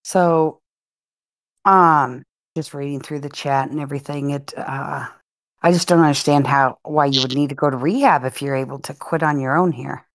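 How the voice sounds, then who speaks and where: A woman with a very low voice calls into an online voice chat and questions the host. She speaks calmly and hesitantly, with fillers, and the sound is dry and close. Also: moderate pace, no room sound. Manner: calm, probing, hesitant with fillers. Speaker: caller. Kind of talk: casual voice chat.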